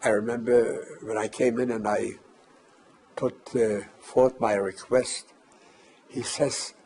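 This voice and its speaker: An older man recounting a personal memory as testimony, measured and halting with pauses. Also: mid-range voice, warm tone, slight background noise. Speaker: survivor giving testimony.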